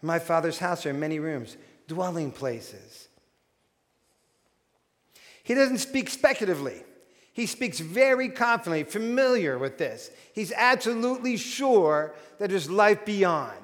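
A man preaching a sermon as pastor, animated and acting out quoted voices. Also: sits high, a little slow. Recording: long hall reverb.

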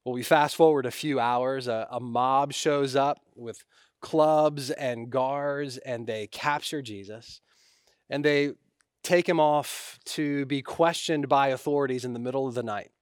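A man preaching a sermon, earnest, rising in force on key lines and then dropping to a hush. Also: medium pitch, unhurried, no echo, clean studio sound. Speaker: pastor.

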